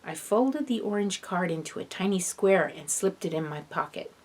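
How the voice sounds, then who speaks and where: A woman reading a first-person children's novel aloud in an expressive storybook narration. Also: mid-range voice, normal speed. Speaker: audiobook reader.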